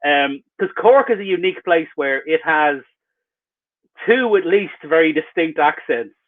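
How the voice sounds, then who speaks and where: Over a tinny, phone-like video call line, a male author answers casual interview questions in a rambling, wry, self-mocking way. He has a fairly high voice with lively intonation and a measured pace.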